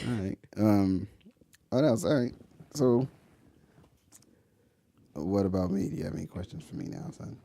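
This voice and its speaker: A middle-aged man hosts a casual podcast and talks with his son in a gentle, teasing, encouraging way. His voice is very low and gravelly, with a mellow, dark tone. The recording is dry and close. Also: measured pace, pauses often, slight background noise. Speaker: podcast host. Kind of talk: casual father-son chat.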